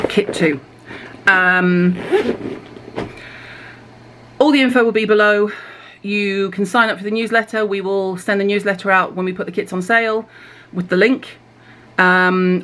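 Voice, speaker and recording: A middle-aged British woman chatting casually to camera as she unpacks skincare kits, candid and self-mocking with quick asides. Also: medium pitch, a bit bright, slight background noise. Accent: British English. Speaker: skincare vlogger. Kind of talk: casual product reveal to camera.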